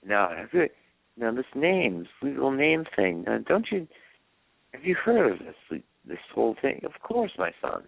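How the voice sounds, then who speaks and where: A man's voice: mid-range voice, big pitch swings, moderate pace, creaky, dry recording. A man chatting on a radio show, telling long rambling stories full of fillers and restarts. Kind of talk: casual chat on a call-in radio show. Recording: dry phone-line audio.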